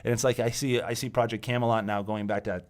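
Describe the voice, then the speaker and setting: A tired, exasperated man hosting his own channel, ranting about software and the internet, swearing often and repeating himself. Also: medium pitch, little pitch movement, fast talker. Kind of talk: profane tech rant monologue.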